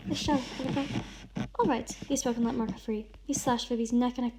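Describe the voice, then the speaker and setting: A woman's voice: fairly high pitch, fairly even intonation, brisk, slight background noise. A woman giving a melodramatic read-aloud of a friend's story, with casual comments in between. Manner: over-the-top dramatic reading, shouts and sobs in the big lines. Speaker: vlogger reading a friend's writing.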